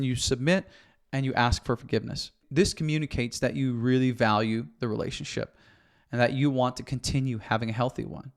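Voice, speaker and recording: A man hosting an advice podcast for husbands, explaining step by step in a coaching tone and checking in with "okay?". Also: mid-range voice. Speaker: podcast host. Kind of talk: instructional podcast talk.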